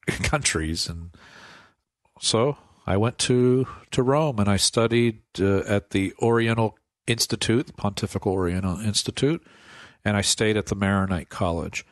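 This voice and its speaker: A man, a priest, telling stories from his life in a relaxed radio interview, laughing often and acting out the voices of people he quotes. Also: lowish voice, no echo, studio quality. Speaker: priest guest. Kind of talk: casual storytelling interview.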